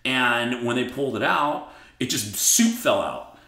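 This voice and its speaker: A man telling a story as a podcast guest in a blunt, profane, animated way. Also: medium pitch, unhurried, echoey room. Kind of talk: casual interview storytelling.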